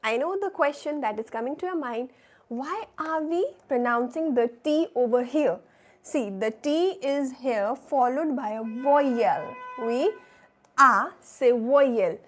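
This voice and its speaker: In a live online class for French beginners, a woman with a high, expressive voice speaks unhurriedly. She patiently repeats phrases for learners to echo, checking in with "right?" and "oui?".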